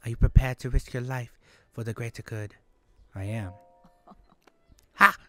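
Casting: man doing a formal old woman elder, slow and stilted, higher than his own voice. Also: fairly even intonation, pushed and bright, dry recording, faint music behind. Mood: solemn.

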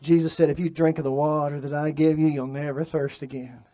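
Preaching pastor with a higher voice. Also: male voice, level tone, a little fast. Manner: preaching with swings from loud emphatic to soft and quiet. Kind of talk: sermon. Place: church sanctuary.

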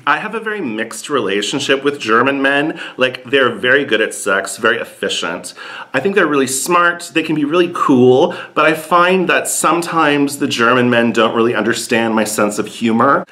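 A man's voice: medium pitch, pushed and bright. A man doing a sassy, campy comedic monologue with blunt punchlines.

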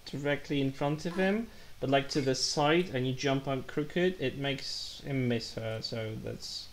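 A man gives relaxed, chatty commentary as he plays a game live. He jokes a lot and laughs at his own blunders, in a middle-pitched voice. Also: a little slow, slight background noise. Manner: chatty, joking, self-deprecating. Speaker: gaming livestreamer. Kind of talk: casual live gameplay commentary.

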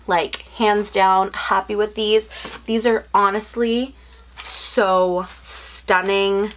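A young woman from outside the US, her voice mid-range and a bit bright, chats casually through an unboxing video. She gushes over each item, often gasping and squealing with excitement.

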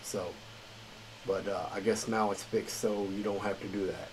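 Tired, rambling man with a low voice. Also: flat delivery, normal speed, noisy background. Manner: rambling, filler-heavy, chuckles at himself. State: tired late at night. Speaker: gaming channel host. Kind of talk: casual gameplay commentary reading patch notes.

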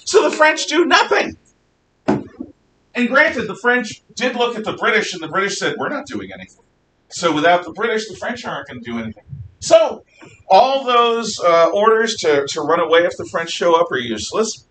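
A man teaching a history class, lecturing in a lively way and acting out quotes, recorded from far off in a classroom with some hiss. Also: high-pitched, moderate pace. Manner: animated, acts out quotes.

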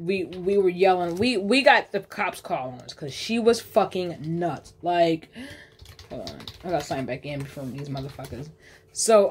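A woman telling a personal story in a casual storytime vlog, rambling, cursing freely and correcting herself mid-sentence. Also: lowish voice. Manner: rambling, profane, uses slang fillers; restarts and self-corrections.

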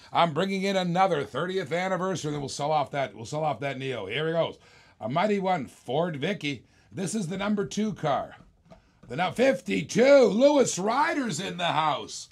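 Gravel-voiced man, slightly high, running a live online auction with jokey repeated bid calls. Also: animated, normal speed. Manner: playful, repetitive bid patter with jokes. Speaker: auctioneer and host.

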